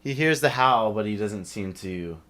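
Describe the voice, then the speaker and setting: Deep-voiced man as game master. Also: expressive, normal speed, a bit bright. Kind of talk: narrating a tabletop game.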